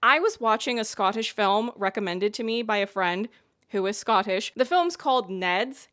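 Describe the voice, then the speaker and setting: A woman vlogger delivers articulate, opinionated commentary, leaning hard on her points. Her voice sits a little high. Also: a bit bright. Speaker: book and film vlogger.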